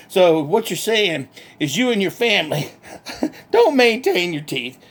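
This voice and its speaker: A man's voice: high voice, big pitch swings, unhurried. A man playing a bemused straight-man interviewer in a comic sketch, often breaking into laughter. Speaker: comedy interviewer.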